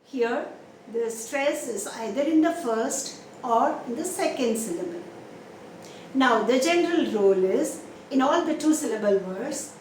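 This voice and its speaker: A woman teaching English pronunciation, explaining slowly and carefully and stretching out example words to show where the stress falls. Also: high-pitched. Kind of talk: slow, deliberate classroom explanation. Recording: roomy echo, faint background noise.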